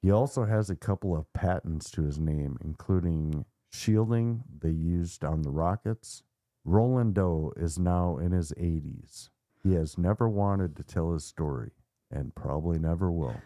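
Deep, dark-voiced male podcast host. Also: measured pace, no echo, clean studio sound. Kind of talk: storytelling podcast narration.

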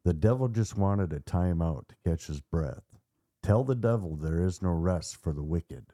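A man hosting a podcast, narrating a dark story with theatrical suspense and casual asides. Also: low-pitched, lively intonation, normal speed, no echo, studio quality. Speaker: podcast host.

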